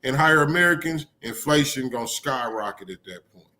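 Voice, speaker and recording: A man's voice: mid-range voice, expressive, brisk, bright, forceful tone. A man co-hosting a casual live-stream chat, laid-back and rambling, with frequent swearing.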